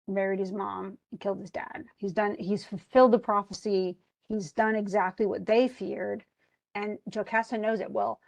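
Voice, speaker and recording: A woman teaching literature, retelling a tragedy and reading its lines aloud, with lively storytelling and many restarts. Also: mid-range voice. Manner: animated storytelling, reads quoted lines aloud, frequent restarts. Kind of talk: lecture retelling a play.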